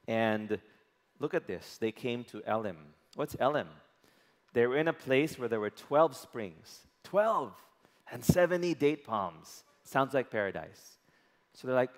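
A man's voice: mid-range voice, animated, a little slow. A man preaching a sermon, often asking the congregation questions and waiting for answers. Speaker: pastor. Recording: long hall reverb.

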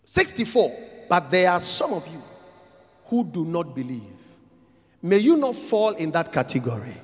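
A pastor preaching a sermon, swinging between quiet lines and shouted ones and repeating phrases for emphasis. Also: male voice, fairly high pitch, big pitch swings, normal speed, in a large hall, soft background music.

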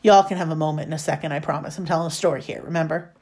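A woman's voice: low-pitched, fairly even intonation, rapid-fire, a little mellow, breathy edge. A woman reading the lines of a playful, teasing teenage girl in an audiobook, gleeful as she tells a story. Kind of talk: audiobook character voice.

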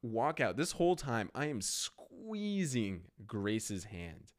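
A man's voice: medium pitch, slow pace. A young man hosting a podcast, telling a rambling story in a casual way, with a lot of "like". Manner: rambling, animated, heavy use of "like". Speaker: podcast host.

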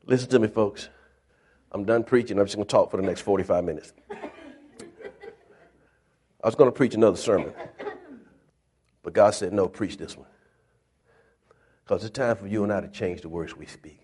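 A man preaching a sermon to a live congregation, calling out to the people and building to loud, rhythmic shouting as he acts out voices from scripture. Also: on the low side, brisk, long pauses, husky. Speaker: evangelist preacher. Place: church before a live congregation.

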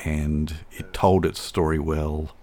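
A man's voice: a bass voice, level tone, slow pace, a little mellow. A man co-hosting a podcast, chatting casually about films and often repeating words as he talks. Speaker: podcast co-host. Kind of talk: casual film chat.

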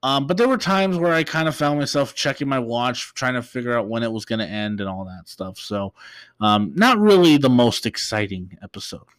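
A man hosting a podcast, recapping an episode in a casual, halting way with many fillers and restarts. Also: medium pitch, expressive. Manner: halting, filler-heavy, meandering. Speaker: podcast host.

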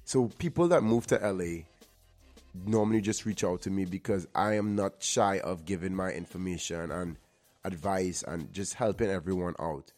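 With soft background music behind him, a man speaks in a low, darkish voice at a moderate pace. He's a Trinidadian actor and host working in the LA area, giving a heartfelt, story-driven motivational talk where he occasionally repeats words for emphasis.

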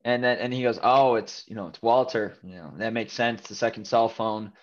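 A man's voice: on the low side, fairly even intonation, normal speed, highs cut off, over a noisy crowd. A man co-hosting a casual podcast, retelling a TV episode in a rambling way with many fillers and restarts. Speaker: podcast co-host. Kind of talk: casual chat recapping a TV episode.

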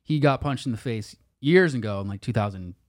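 A man co-hosting a podcast in casual chat, laid-back with deadpan teasing jokes. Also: medium pitch, brisk, dry recording, clean studio sound. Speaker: podcast co-host.

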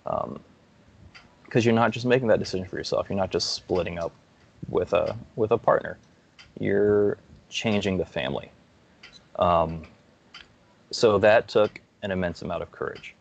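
Man, very low voice, gravelly, earnest, casual podcast guest, slightly muffled recording. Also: normal speed, long pauses. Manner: earnest, heartfelt praise with many "um"s. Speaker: guest, licensed counselor.

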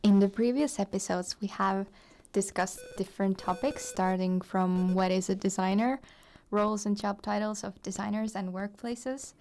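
A woman's voice: medium pitch, fairly even intonation, moderate pace, darkish tone. Explanatory woman radio co-host. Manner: explanatory, friendly, with small laughs. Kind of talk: casual radio chat.

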